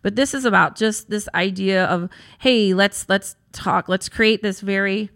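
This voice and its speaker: Female interview guest, quick and agreeable, explaining her ideas. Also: mid-range voice, fairly even intonation, a bit bright. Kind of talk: casual interview chat.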